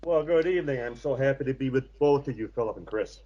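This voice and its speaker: An American man in his sixties, a guest author telling his story in a measured, reflective way with frequent hesitations. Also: medium pitch, warm tone, dull audio. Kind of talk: interview conversation.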